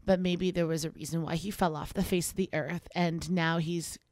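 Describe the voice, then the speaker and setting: A woman's voice: fairly low pitch, steady tone, darkish tone, dry recording. Young woman, campus radio co-host, casual reflective talker, dry close sound. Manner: conversational, reflective, quick asides. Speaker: co-host of a college radio talk show. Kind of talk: casual advice chat.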